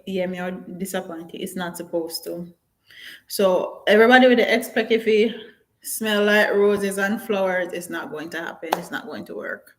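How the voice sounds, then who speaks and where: A woman talks straight to her live-stream viewers, blunt and animated. She slips into patois phrasing, laughs often, and reads out comments as they come in. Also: medium pitch, poor audio. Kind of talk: casual live-stream chat.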